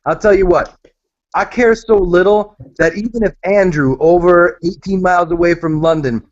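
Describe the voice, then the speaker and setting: Sex: man. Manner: sarcastic, blunt. Pitch: high. Audio: muffled. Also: normal speed. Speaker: podcast co-host. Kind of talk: casual profane sports chat.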